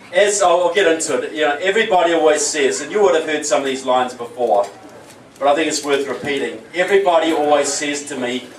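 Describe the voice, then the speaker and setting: A man's voice: fairly high pitch, slight background noise. A man with a New Zealand accent giving a keynote speech at a political rally, telling jokey stories and then speaking earnestly. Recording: echoey hall, voice from far off.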